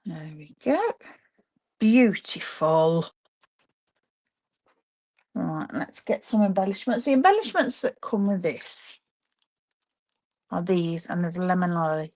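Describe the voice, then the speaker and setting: Chatting to viewers while she works, a papercraft demonstrator makes cards on a live stream from her home craft room. Her lowish, slightly mellow voice is sing-song, unhurried, and full of pauses.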